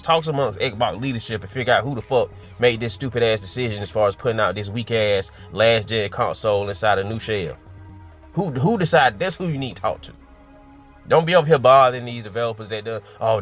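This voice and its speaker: A man's voice: mid-range voice, brisk, a bit bright, faint music behind. Profane, exasperated man ranting. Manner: profane, exasperated, rhetorical questions. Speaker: gaming commentator. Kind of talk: casual opinion rant.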